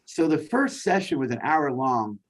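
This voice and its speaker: A man's voice: mid-range voice, animated, moderate pace. A man, a therapist guest, sharing a heartfelt personal testimony in conversation and acting out the dialogue as he tells it. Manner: heartfelt storytelling, acts out dialogue. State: tearful at times.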